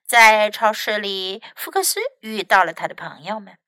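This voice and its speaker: A woman English teacher reading a bilingual storybook aloud in an expressive, animated way. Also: medium pitch, normal speed, clear, resonant tone, no echo, rough recording.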